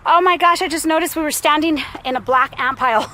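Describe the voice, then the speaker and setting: A young vlogger mom speaks a little fast in a high, pushed, bright voice as she walks a trail with her family, out of breath, chatty, laughing and cooing at her toddler. It's casual vlog narration on poor audio with a little hiss or hum.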